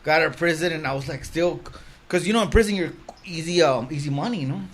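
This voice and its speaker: A man's voice: a little high, fast. A man, casually telling stories as a podcast guest in slangy, profane talk, often laughing as he goes. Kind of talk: casual storytelling.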